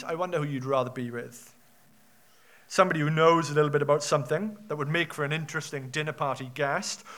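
A man's voice: on the high side, a bit bright. A man preaching a sermon in a conversational way, often ending points with rhetorical tag questions.

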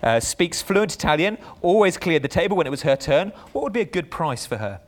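A man's voice: a little high, big pitch swings, brisk, voice pushed up. A man reading out the lines of a sarcastic male president who lectures a critic with mock-earnest questions.

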